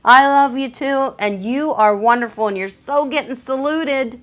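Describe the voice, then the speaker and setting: Excitable woman groomer chatting on a livestream. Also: sits high, moderate pace. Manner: excitable and gushing, laughs often. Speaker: professional dog groomer hosting a live stream. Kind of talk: casual live-stream chat, reading viewer comments.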